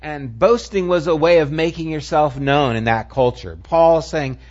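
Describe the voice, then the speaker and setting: A male pastor preaching a sermon, moving between animated emphasis and hushed, near-whispered lines. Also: a little high, normal speed, dull audio.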